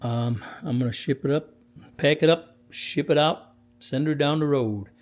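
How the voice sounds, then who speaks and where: Speaking a little slowly in a fairly high voice, a man offers folksy, easygoing talk to the camera as he tunes and tests a radio. He's a CB radio technician working in a radio workshop.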